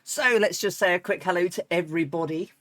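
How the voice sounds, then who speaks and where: Streaming a flight simulator, this woman talks fairly quickly in a fairly low-pitched, fairly bright voice, recorded without echo. Her casual live-stream chat wanders, full of ums and restarts, and she occasionally breaks into laughter and chanting.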